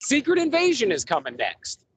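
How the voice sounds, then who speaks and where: A man's voice: very high-pitched, wildly swooping pitch, normal speed, husky, dry recording, low-quality recording. A man hosting a casual podcast movie review, rambling enthusiastically with lots of fillers and restarts. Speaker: podcast host.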